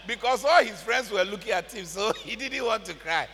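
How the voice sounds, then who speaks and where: A man with a Ghanaian accent preaching a sermon, animated, breaking into laughter and shouts. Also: high voice, unhurried, big-room sound, slight background noise. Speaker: pastor. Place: large church.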